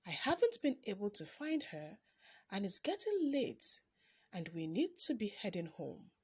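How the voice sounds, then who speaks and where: A worried young boy speaks in a hurried, anxious rush. A woman reads his lines in a children's story. Her voice has a light husk to it. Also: mid-range voice, sing-song, fairly bright tone, husky, full character voice.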